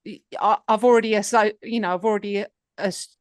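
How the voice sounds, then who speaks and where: A woman's voice: medium pitch, steady tone, a little fast, no echo, clean studio sound. A woman co-hosting a podcast in casual chat, agreeable and encouraging, with some casual swearing. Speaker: podcast co-host.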